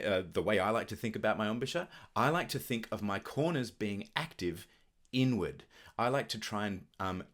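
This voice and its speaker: A middle-aged man gives a clarinet lesson in a fairly low voice that rises and falls a great deal as he explains. He talks in a relaxed, thoughtful way, pausing on the odd filler word. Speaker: clarinet teacher. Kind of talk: instructional video talk.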